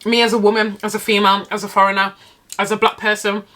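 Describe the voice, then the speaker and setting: A woman's voice: medium pitch, level tone, quick pace, fairly bright tone. A young British woman living in Japan, chatting casually and emphatically to her viewers while eating, with frequent laughs and swearing. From Britain. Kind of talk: casual sit-down chat to camera while eating.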